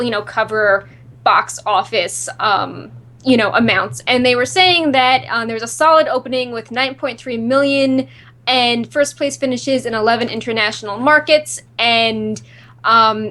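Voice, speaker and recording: A woman's voice: on the high side, normal speed, a bit bright. A woman co-hosting a casual livestream chat, giving short agreeing replies and reading news from her notes with many ums. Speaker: co-host.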